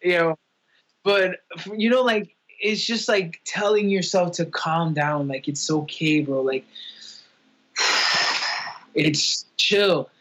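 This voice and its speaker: A man's voice: fairly high pitch, fairly even intonation, slow pace, pauses often, bright, forceful tone, low-quality recording. A young man talking candidly and emotionally in a casual podcast chat, rambling with lots of fillers.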